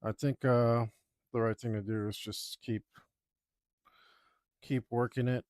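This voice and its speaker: A man's voice: mid-range voice, level tone, a little slow, darkish tone, dry recording, clean studio sound. A man, a digital artist, chatting casually while he draws, rambling with lots of fillers and repeats. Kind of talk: casual chat while drawing.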